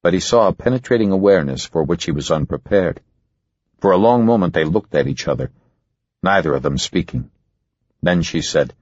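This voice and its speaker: Male thriller narrator: low, husky, suspenseful, dry close sound. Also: animated, darkish tone, dry recording, muffled recording. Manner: measured, suspenseful. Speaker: audiobook narrator. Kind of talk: scripted narration.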